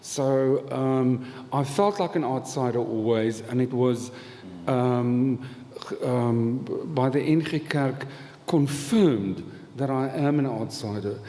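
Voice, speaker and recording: A man's voice: mid-range voice, takes it slowly, dark tone. Chatty man in a reverberant hall. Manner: chatty, rambling, laughs often, dry humour. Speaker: panel guest author. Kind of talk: storytelling at a live panel. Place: festival event hall. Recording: live hall with reverb, faint noise.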